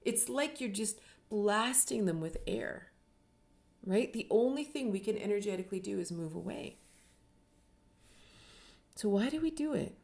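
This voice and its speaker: Earnest woman with a mellow voice. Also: mid-range voice, animated, measured pace, vocal fry, pauses often. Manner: earnest, uses many rhetorical questions and tags with "right?". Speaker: spiritual teacher and author. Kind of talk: reflective teaching talk.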